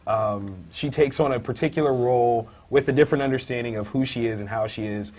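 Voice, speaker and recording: A man co-hosting a casual comic book review podcast, thinking aloud with many fillers and breaking into loud, high-pitched outbursts when excited. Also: brisk. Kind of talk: casual chat.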